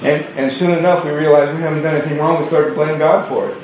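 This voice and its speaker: A man with a high voice preaches earnestly and conversationally, leaning on words for emphasis. His voice rings through a reverberant room. A faint hiss sits underneath. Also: fairly even intonation, quick pace, darkish tone. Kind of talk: sermon. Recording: echoey room.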